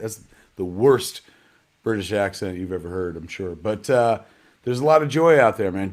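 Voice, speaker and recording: Expressive and a little mellow, this mid-range male voice moves at a normal pace while hosting a live digital premiere. The host drifts casually, teases himself, and uses some salty words.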